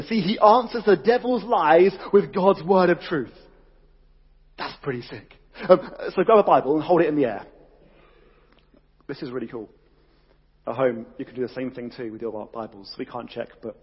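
Excitable husky preacher in a hall. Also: male voice, fairly high pitch, dull audio. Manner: excitable, exclamatory, casual slang. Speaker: youth preacher. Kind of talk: energetic sermon.

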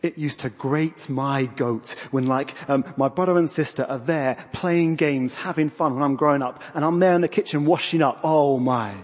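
Man, 30s, preacher, casual self-deprecating sermon, husky, long church reverb. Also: on the high side, moderate pace, few pauses. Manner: conversational, self-deprecating, with acted asides.

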